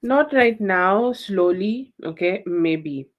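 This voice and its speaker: A woman's voice: mid-range voice, lively intonation, slow pace, lo-fi sound. A woman doing a live tarot reading, rambling and loose, constantly tagging her lines with "okay" and "you know". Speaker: tarot reader.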